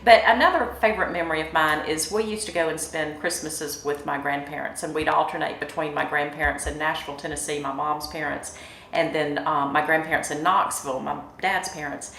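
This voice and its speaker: A woman's voice: low voice, steady tone, brisk, gravelly, reverberant, a little hiss or hum, rough recording. A woman, a mayor chatting in an interview with lots of fillers. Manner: warm, chatty, many fillers, emotional in places. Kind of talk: casual interview reminiscing.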